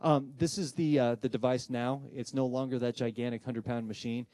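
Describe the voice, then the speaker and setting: A man's voice: mid-range voice, a little fast, no echo. A man giving a live presentation to an audience, telling a story and acting out the voices in it. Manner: animated storyteller who acts out voices in quoted dialogue. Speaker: presenter giving a talk on spirit communication.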